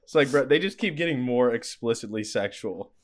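A man's voice: medium pitch, lively intonation. Profane joking young man. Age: young adult. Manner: profane, joking, quick restarts. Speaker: podcast co-host. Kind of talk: casual chat.

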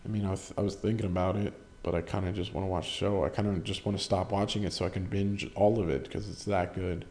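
A man with a fairly low, gravelly voice chats on his own podcast. His tone is dark and relaxed as he rambles, swears freely and pokes fun at himself. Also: fast. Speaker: podcast host. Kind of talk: casual solo podcast chat.

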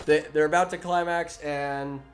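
Here a man with a slightly high voice rattles off a movie's plot scene by scene in a relaxed, lively way. He talks fast and drops in quick takes on the characters' voices.

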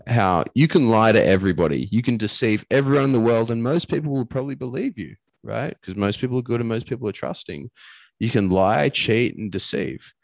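A man's voice: fairly low pitch, creaky, no room sound. A man, a coach and podcast guest, talking earnestly and emphatically in casual conversation, swearing now and then.

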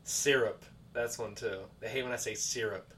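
An American man in a casual podcast chat, joking around crudely and swearing freely. His voice sits at an average pitch and sounds set back from the mic, with a faint hiss underneath. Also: fairly even intonation, moderate pace, a bit bright, distant mic. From United States. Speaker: podcast co-host.

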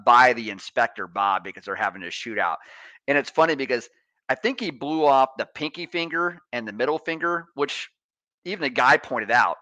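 Man, podcast co-host, halting, restarts a lot, bright voice, dry. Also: mid-range voice, no echo. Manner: halting, restarts and repeats words. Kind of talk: casual movie-review chat.

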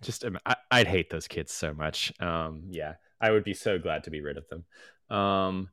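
A man's voice: deep voice, moderate pace, no echo, studio quality. A man co-hosting a movie podcast, chatting casually and sharing behind-the-scenes trivia. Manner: relaxed, swears casually, shares trivia. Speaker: podcast co-host.

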